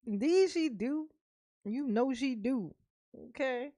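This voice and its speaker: A woman's voice: sits high, takes it slowly, dry recording, clean studio sound. A woman vlogger ranting in casual commentary, profane and laughing often. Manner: profane, laughing, animated Southern-Black-vernacular delivery.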